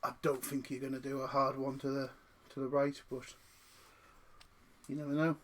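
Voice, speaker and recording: A man's voice: mid-range voice, little pitch movement, moderate pace. A man playing a tabletop game, calling out his moves and teasing the others. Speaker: player. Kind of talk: casual chat over a tabletop game. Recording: faint background noise.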